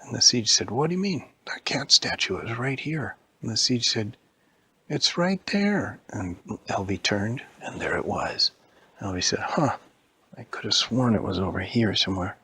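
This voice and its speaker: A man spins a spooky tale for a child, his low voice leaping into squeaky character voices and sinking to hushed whispers. His pitch swings widely across the telling, and his tone has a rough, husky edge. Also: lively intonation, moderate pace, no room sound. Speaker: storyteller. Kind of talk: improvised bedtime-style story for a child.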